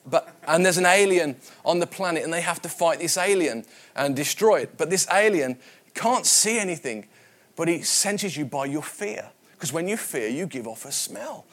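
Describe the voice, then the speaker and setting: A man from the West Midlands preaching a sermon, telling personal stories in a conversational way and often repeating his words. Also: fairly high pitch. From West Midlands, England. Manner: conversational and anecdotal, with frequent repetitions.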